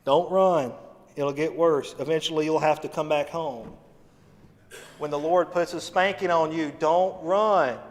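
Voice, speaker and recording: A man with a drawl preaches from the pulpit, his voice sitting a little high for a man. He mixes homespun humor with scripture, going loud for emphasis and dropping low for asides. The long church reverb hangs after each phrase. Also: a little slow. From Missouri, USA. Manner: folksy and humorous, shifting between loud emphasis and quiet asides. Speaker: associate pastor. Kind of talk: sermon. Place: church sanctuary.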